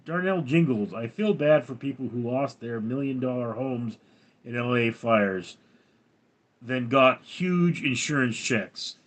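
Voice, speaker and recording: Slow deadpan older man reading chat. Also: medium pitch. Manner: reads viewer comments aloud, dry and deadpan. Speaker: livestream host reading chat. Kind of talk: casual livestream chat.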